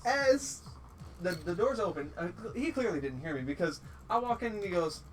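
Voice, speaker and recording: A guest storyteller with a high-pitched voice spins a funny tale at a moderate pace, casual and profane, animatedly acting out the people he quotes. The mic is distant, and background noise is clearly audible.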